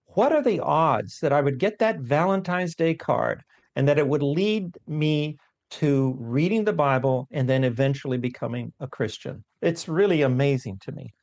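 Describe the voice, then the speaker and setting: A man tells his own story with lively, emphatic turns and a self-deprecating humor. His voice sits a little high and carries a gravelly texture. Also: moderate pace. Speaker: guest scientist. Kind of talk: conversational storytelling.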